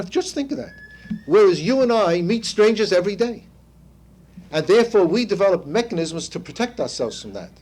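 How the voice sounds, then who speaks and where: A man's voice: fairly high pitch, darkish tone, a little hiss or hum. An older man leading a seminar in a conversational lecture style. He tells stories, drops in asides and "you see", and quizzes the group. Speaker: seminar leader.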